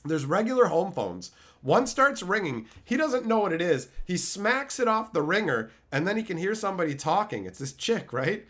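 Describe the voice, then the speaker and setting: A man's voice: high voice, big pitch swings, normal speed, fairly bright tone. A man chatting casually on a live stream, telling stories animatedly and laughing often.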